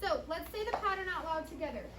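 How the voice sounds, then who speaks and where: Brief: woman teacher, firm and directive with young kids, very loud background noise, echoey room. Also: very high voice, lively intonation, quick pace. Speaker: elementary school teacher. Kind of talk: classroom instruction to young children. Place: classroom with children. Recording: echoey classroom audio from far off, loud noise.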